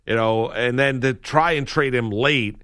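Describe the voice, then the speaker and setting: A man co-hosting a sports talk show, talking in an animated, opinionated way with lots of emphasis. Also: medium pitch, a little slow. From grew up a Washington football fan.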